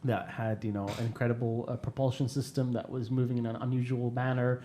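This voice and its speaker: A man's voice: medium pitch, flat delivery, fairly quick, mellow, slight background noise. A man hosting a podcast in casual chat, talking into a studio microphone, swearing freely and laughing often. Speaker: podcast host. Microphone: studio microphone with headphones.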